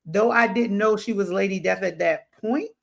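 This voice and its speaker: High gravelly guy rambling through a casual podcast chat, lots of ums. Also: normal speed. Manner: rambling, many fillers and restarts. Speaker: podcast co-host.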